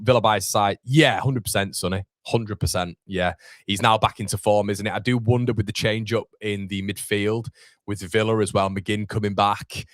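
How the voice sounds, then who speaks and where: A man's voice: on the low side, dry recording, studio quality. A young man hosts a live football watchalong. He chats casually, reads viewer comments aloud and calls people mate. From Yorkshire, England. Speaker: watchalong streamer.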